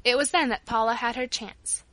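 A woman narrating a storybook as an audiobook, reading in a clear, expressive way. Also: on the high side, normal speed, dry recording.

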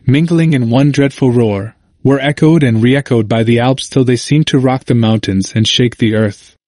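A man reading a history book aloud in a measured, solemn manner. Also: medium pitch, darkish tone, dry recording. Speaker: audiobook narrator. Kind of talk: scripted history narration.

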